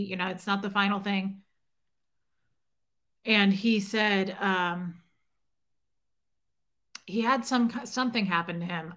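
A woman's voice: mid-range voice, sharp tone. A woman hosting a livestream, telling a personal story in a rambling, emotional way and greeting chat viewers by name. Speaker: livestream host. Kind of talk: emotional casual livestream talk.

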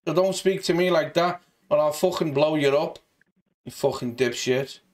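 A man's voice: a little high, normal speed, darkish tone. A man with a Liverpool accent on a prank call to a scammer, brash, mock-tough and swearing freely. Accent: Liverpool (Scouse). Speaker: scambaiter.

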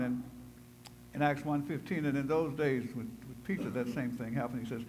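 A man's voice: mid-range voice, moderate pace, a little mellow, a little hiss or hum, rough recording. A man preaching a sermon in a church. He tells his story conversationally and builds to fervent, emphatic preaching. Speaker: pastor. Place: church sanctuary.

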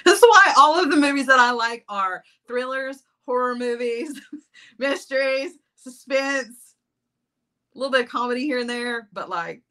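A woman's voice: high-pitched, lively intonation, moderate pace, sharp tone. A middle-aged woman hosting a jewelry-making livestream, chatting casually, reading viewer comments and laughing often.

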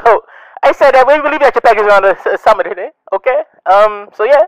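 A man playing a bumbling male phone support agent who talks loudly, stammers and repeats himself. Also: very high-pitched, racing, dry recording, muffled recording. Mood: flustered. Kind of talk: comedy sketch.

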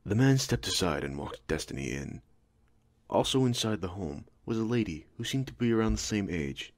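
Brief: male narrator, low voice, steady storytelling. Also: moderate pace. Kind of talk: scripted audiobook narration.

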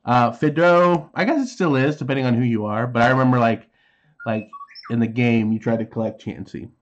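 A man's voice: mid-range voice, a little fast, muffled recording, a little hiss or hum. A man in his thirties casually chatting while opening trading card packs, reading card names aloud and making sound effects. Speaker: card unboxing host.

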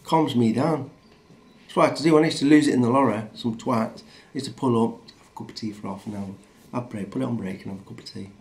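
A middle-aged man with a Northern English accent chats away in a loose, rambling vlog, blunt and quick to swear. His voice sits at an ordinary middle pitch. Faint ambient noise hums behind him. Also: a little mellow. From Northern England. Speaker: vlogger. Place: rural home in a small town.

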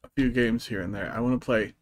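A man's voice: medium pitch, fairly even intonation, quick pace, slight background noise. A young man streaming a game, making wry, self-mocking asides to his chat in casual commentary.

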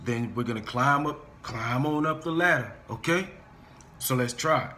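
A man teaching a singing lesson, talking his students through warm-up scales and encouraging them, often stopping to repeat himself and say "okay?" and "guys". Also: mid-range voice, unhurried. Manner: restarts and stammers while explaining.

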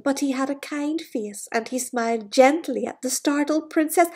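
A woman reading a fairy tale aloud at children's story time, animated, with gasps and hushed asides to her young listeners. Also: high voice, moderate pace, few pauses.

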